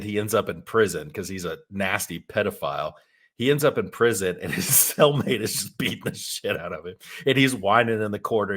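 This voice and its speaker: A man with a very deep voice holds forth on a casual podcast. He talks bluntly and rambles, restarting sentences and laughing as he goes. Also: a bit bright. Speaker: podcast co-host.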